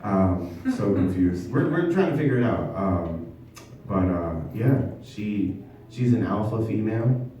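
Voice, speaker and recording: A man doing a stand-up comedy set in a basement venue, talking in a halting, self-deprecating way with many ums. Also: on the low side, expressive, warm tone, dull audio, slight background noise. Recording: echoey basement room, mic from far off.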